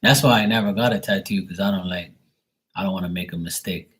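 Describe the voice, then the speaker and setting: A man's voice: low-pitched, quick pace, a bit bright, husky, poor audio. A man hosting a livestream, telling a rambling story in blunt, profane casual chat. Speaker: livestream host.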